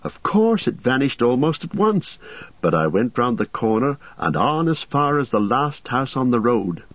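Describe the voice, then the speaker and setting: Shaken young hobbit, voiced by a man, high, breathless, urgent. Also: very animated, moderate pace, no echo. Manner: urgent, tumbling storytelling. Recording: slightly muffled recording.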